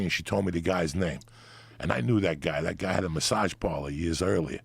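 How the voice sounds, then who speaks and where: A man's voice: low voice, brisk, creaky, husky, no room sound. A middle-aged man from New Jersey, a podcast guest telling raunchy, profane stories and acting out the quoted lines. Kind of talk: raunchy storytelling. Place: podcast studio.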